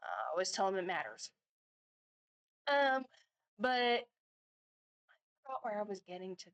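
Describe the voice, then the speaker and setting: A woman's voice: mid-range voice, big pitch swings, measured pace, a bit bright. Chatty woman rambling through a story. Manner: rambling storyteller, chatty with frequent fillers and restarts. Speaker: reaction vlogger. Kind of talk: casual chat.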